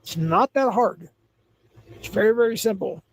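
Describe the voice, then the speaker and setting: A man in his forties with a notably high-pitched voice runs a livestream and talks back to his chat. He is blunt and scolding, and he keeps repeating himself as he tells viewers to calm down. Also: moderate pace, slight background noise, rough recording. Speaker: livestream host.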